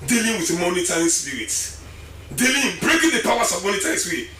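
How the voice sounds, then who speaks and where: Preacher man, sing-song shouting, far from the mic, echoey. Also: high voice, sing-song, fast, slight background noise. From Sierra Leone. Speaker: pastor. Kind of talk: fiery sermon. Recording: roomy, from off mic.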